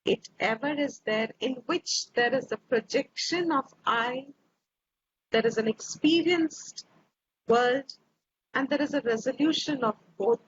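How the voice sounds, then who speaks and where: A woman teaching scripture slowly and reflectively, repeating her phrases, over a video call. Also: on the high side, fairly bright tone. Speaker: Vedanta teacher. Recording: dull lo-fi audio with faint hiss.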